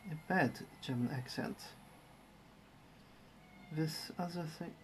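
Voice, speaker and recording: A livestreamer chats casually while building a model kit, wry and easygoing as each step is narrated. The voice sits at a middle pitch. A faint hiss of noise runs underneath. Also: slow. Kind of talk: casual live-stream commentary.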